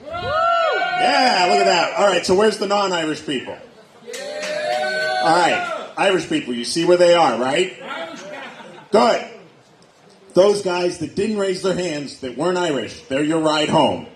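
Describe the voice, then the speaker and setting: A man from Erie doing a self-deprecating stand-up set with punchy deadpan delivery and crowd work on a nightclub stage. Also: high voice, measured pace, pauses often. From Erie, Pennsylvania. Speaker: stand-up comedian. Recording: echoey club room.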